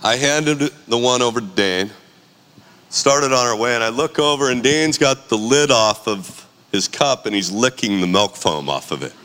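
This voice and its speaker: Bright-voiced man telling a story in a hall. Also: mid-range voice, normal speed. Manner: animated, slangy, laughs often. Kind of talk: casual storytelling.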